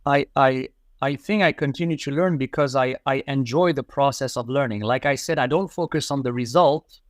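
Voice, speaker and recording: A man's voice: mid-range voice, normal speed, dry recording, studio quality. A man, a language educator answering interview questions in a reflective way, repeating key phrases for emphasis. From Morocco. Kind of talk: casual interview conversation.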